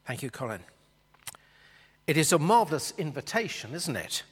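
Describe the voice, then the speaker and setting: Guy teaching a bible class, slightly high voice, slow and patient, hall reverb. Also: very animated, a bit bright, husky. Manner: unhurried, explanatory, sketching a map as he talks.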